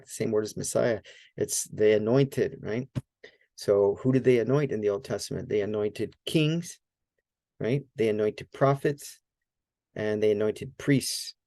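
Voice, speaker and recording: Man, low gravelly voice, casual teacher, explains step by step, dry close sound. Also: warm tone, dry recording. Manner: informal, many fillers, explains step by step, asks "right?". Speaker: Greek language teacher.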